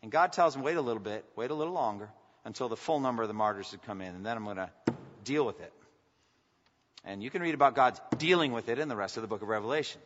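A man's voice: mid-range voice, fast, noisy background. A pastor preaching a sermon with passion, climbing to emphatic peaks as he reads scripture. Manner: impassioned, rising to emphatic peaks when reading scripture. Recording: dull sound with long hall reverb.

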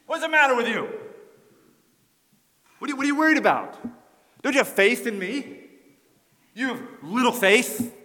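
A sneering, exasperated scold who fires off loud, rapid rebukes in a high, bright voice, as a male preacher puts him on. A long hall reverb rings behind him. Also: very animated. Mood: scornful. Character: scornful impatient man scolding his followers.

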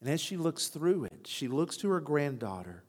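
At a moderate pace and a fairly high pitch, a pastor delivers his sermon with a big-room sound. He brings his stories to life, acting out the quoted voices of the characters.

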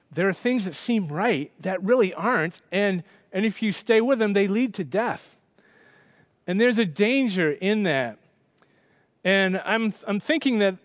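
Guy pastor with a pretty high voice giving a sermon, chatty storytelling, dry close sound. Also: dry recording. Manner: storytelling, conversational with many restarts.

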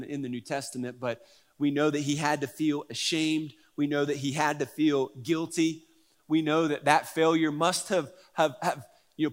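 A man preaching a sermon in a conversational, animated way, with fillers and repeated words. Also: fairly high pitch. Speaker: pastor.

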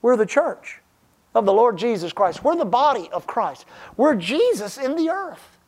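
A man preaching a sermon as pastor, stressing key phrases slowly and then dropping to a hushed tone. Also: very high voice, very animated.

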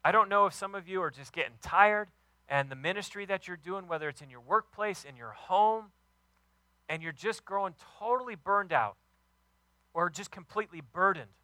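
An enthusiastic man in his thirties delivers a sermon, leaning hard on key words and acting out quotes. His voice sits high and sounds very bright and forward. The recording is dry, with almost no room sound. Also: animated, moderate pace, no echo, rough recording. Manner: enthusiastic, emphatic preaching with acted quotes. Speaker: pastor.

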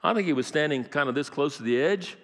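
A man preaches a Sunday sermon, his somewhat high voice ringing with long reverb through a large sanctuary. He builds a story with dramatic swells and drops into wry asides for the congregation. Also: lively intonation, fast talker, very noisy. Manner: dramatic storytelling with acted quotes, rising to loud peaks. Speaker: pastor. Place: church sanctuary.

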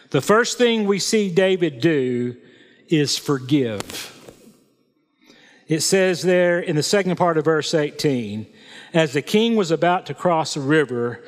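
A man preaching a sermon, reading scripture and applying it in a slow, deliberate manner. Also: on the high side. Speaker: pastor. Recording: long reverb of a hall.

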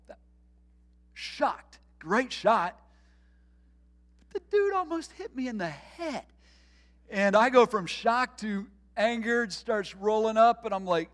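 A middle-aged pastor preaching a sermon, his voice on the high side for a man, animated and quick to laugh as he acts out what went through his head. The sound carries a long reverb from a church hall. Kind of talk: sermon with personal story.

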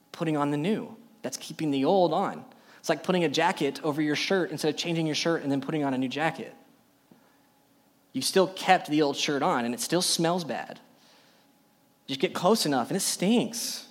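A man's voice: on the high side, normal speed. A young adult man preaching a sermon to a youth group, emphatic and full of rhetorical questions. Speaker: youth pastor.

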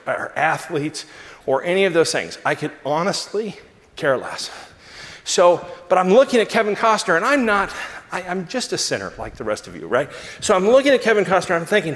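A man delivers a sermon to a congregation, his fairly high voice rising and falling as he tells a story against himself. His words ring out with a long reverb from a large hall. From Southern California. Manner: lively storyteller, big pitch swings, self-mocking. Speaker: pastor.

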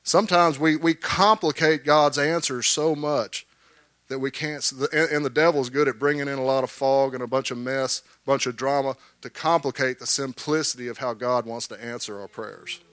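A man preaching a sermon, animated, repeating words and calling for amens from the congregation. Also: mid-range voice, moderate pace, no room sound.

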